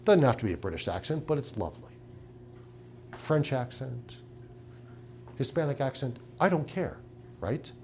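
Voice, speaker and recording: A man's voice: mid-range voice, very animated, normal speed, long pauses, darkish tone, slight background noise. Emphatic, punchy middle-aged man. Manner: emphatic, punchy, rhetorical questions. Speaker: practice consultant. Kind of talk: business training talk to clinic owners.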